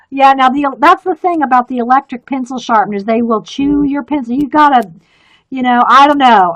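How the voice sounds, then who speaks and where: A woman's voice: on the high side, fairly bright tone. Chatty woman coloring on a live stream. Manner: chatty, rambling, laughs often. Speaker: artist streaming a coloring demo. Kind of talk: casual chat while drawing.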